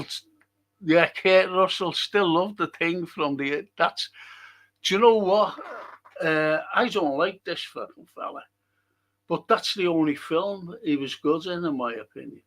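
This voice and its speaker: A man's voice: sits high, bright, forceful tone. A man with a Scouse accent from Liverpool, hosting a casual film review chat, rambling and swearing often. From Liverpool, England. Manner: rambling, chatty, swears a lot. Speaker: host.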